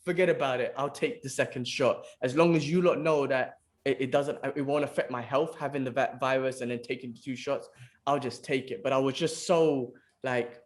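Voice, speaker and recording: A man's voice: mid-range voice, fairly even intonation, brisk. A man on a podcast, talking casually with a friend. He tells his stories with animation and swears without a second thought, dropping "bro" every few lines. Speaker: podcast co-host. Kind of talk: casual chat.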